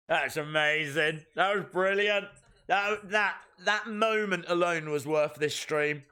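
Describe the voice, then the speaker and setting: A man hosting a live reaction stream, chatting casually and excitedly to his viewers as he thinks out loud. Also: on the high side, takes it slowly, clean tone.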